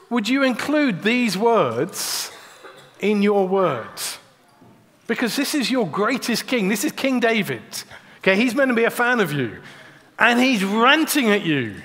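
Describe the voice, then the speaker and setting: Man, sermon, high voice, earnest, restarts words, long church reverb. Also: fairly bright tone. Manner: earnest, repeats words when starting sentences. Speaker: preacher.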